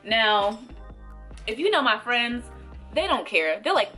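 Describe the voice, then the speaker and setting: Animated young woman telling a story. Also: a little high, slow, faint music behind. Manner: animated, acts out quoted voices, laughs between lines. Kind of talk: casual storytime monologue. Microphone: camera mic.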